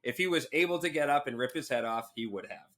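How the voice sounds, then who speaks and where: A man's voice: medium pitch, quick pace. A young man co-hosting a podcast, swearing often and laughing through casual chat. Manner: profane, animated, laughs a lot. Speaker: podcast co-host.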